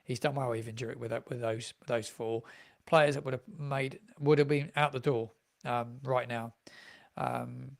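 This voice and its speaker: A man's voice: medium pitch, fairly even intonation, moderate pace, vocal fry. A man who is a football fan content creator, chatting on a live stream, rambling and repeating himself with many ums. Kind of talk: live-streamed transfer deadline chat.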